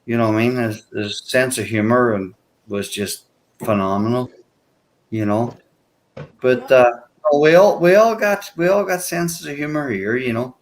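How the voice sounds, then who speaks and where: A man's voice: medium pitch, expressive, a little slow, rough recording. A man in a casual voice chat, rambling and repeating himself a lot. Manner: rambling, lots of "you know" and repeats. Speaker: voice chat participant.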